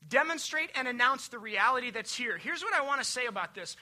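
A pastor delivers a Sunday sermon in a strikingly bright, sharp-edged voice. The delivery is emphatic, building refrains and lists, then dropping to hushed, low passages. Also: expressive, a little fast. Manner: emphatic, swings between loud declarations and hushed, low passages.

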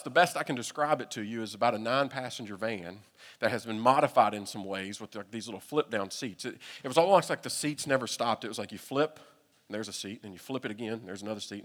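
A man with a Southern US accent, a pastor telling a humorous, animated story during a sermon. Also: mid-range voice. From United States. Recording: long reverb from a hall.

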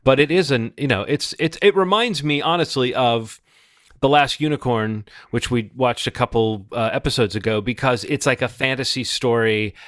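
Discussing a movie casually as a podcast co-host, a man in his forties comes across thoughtful and unsure, with many restarts. His mid-range voice is fairly bright and moves at normal speed over a dry, clean studio recording.

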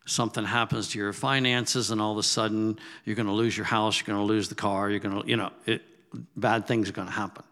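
Guy preaching, bright ringing voice, gets loud and animated telling stories. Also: fairly low pitch, fairly quick. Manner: animated storytelling, rising loud when emphatic. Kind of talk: sermon.

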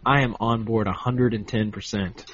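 Husky, pushy podcast co-host man. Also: on the low side, fairly even intonation, normal speed, dry recording, highs cut off. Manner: enthusiastic, pushy, swears casually. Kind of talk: casual chat.

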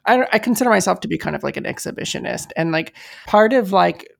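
A woman's voice: medium pitch, expressive, fast talker, gravelly. A woman in a candid podcast chat, telling stories in a rambling way full of fillers.

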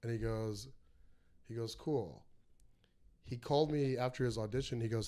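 A man's voice: mid-range voice, normal speed. A man hosting a casual chat, telling a story with swearing and acted quotes. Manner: animated storyteller, swears freely. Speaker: podcast host, comedian.

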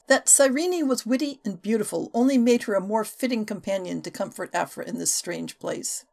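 Expressive woman narrating a novel. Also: mid-range voice, normal speed, creaky. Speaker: audiobook narrator. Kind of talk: scripted narration.

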